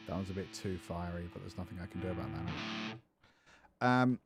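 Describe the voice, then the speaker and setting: A streamer and guitarist with a low voice speaks fairly quickly over loud music while he writes a song in his home studio. He chats casually, entertained by himself, and pokes dry fun at his lyrics.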